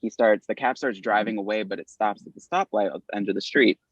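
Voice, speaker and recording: A man with a lowish voice, from Philadelphia, tells a rowdy story as a podcast guest, cursing freely and leaping way up in pitch whenever he acts out what people said. The sound is dry and a little dull, with no room around it. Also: fast, dry recording. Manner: animated, swearing, acts out quotes with big pitch jumps. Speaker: podcast guest, drag performer. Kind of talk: casual storytelling.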